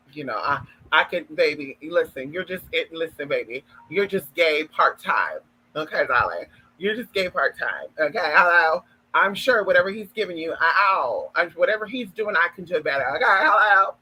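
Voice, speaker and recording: A man's voice: on the high side, expressive, normal speed, bright, forceful tone, husky, rough recording. A man in a sassy, flamboyant, profane casual gossip vlog, calling listeners honey and girl. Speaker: spiritual content creator.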